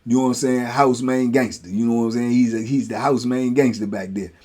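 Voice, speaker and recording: A man hosting a show, telling a prison story in a casual, animated way, full of slang and "you know what I'm saying.". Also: mid-range voice, a little fast. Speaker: host telling prison stories.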